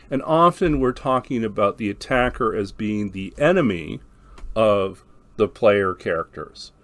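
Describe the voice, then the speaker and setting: A man's voice: fairly low pitch, no echo. A man teaching how to describe combat in tabletop games, talking in a thoughtful, explanatory way with frequent ums and restarts. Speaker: game master teaching description. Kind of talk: instructional talk.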